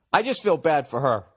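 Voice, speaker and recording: A man's voice: fairly high pitch, a bit bright, husky. A man in his fifties with a Boston accent, giving blunt, profane advice in a casual podcast monologue.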